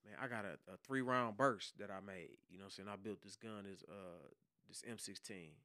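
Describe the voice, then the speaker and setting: A man, a podcast guest and hip hop producer, telling a story in casual, profane slang and acting out loud shouted quotes. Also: lowish voice, brisk, no room sound, clean studio sound. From Detroit.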